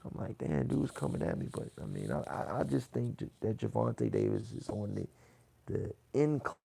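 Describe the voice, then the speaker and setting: A man hosting a boxing livestream, reading chat comments aloud in a loose, swearing, casual way that turns loud when he gets riled. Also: on the low side, wildly swooping pitch, moderate pace, vocal fry, husky. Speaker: boxing channel host reading live chat.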